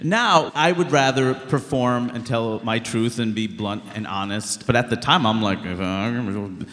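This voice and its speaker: A stand-up comedian from Queens, talking in an interview in an animated, emphatic way. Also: medium pitch, moderate pace, long reverb tail. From Queens, New York. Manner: animated, emphatic, blunt, many "like" fillers. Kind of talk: conversational interview.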